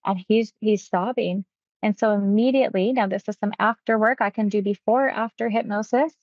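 Woman, hypnotist, casual storytelling, mid pitch, dry close sound, slightly muffled. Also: normal speed, dry recording. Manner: animated retelling, acting out quoted speech. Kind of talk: casual storytelling about a client session.

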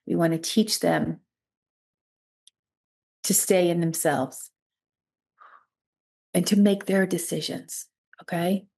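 A woman hosting a psychic show, leading listeners through a guided light healing with quick, energetic, laughing talk. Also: fairly low pitch, creaky, slightly rough. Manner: energetic, laughs often, talks fast and excited. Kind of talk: live guided healing session.

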